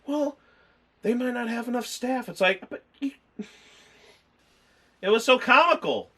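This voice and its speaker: A man's voice: very high-pitched, expressive, unhurried, bright, forceful tone. A man chatting casually through a movie review, rambling and acting out scenes in mock voices. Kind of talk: casual film review chat.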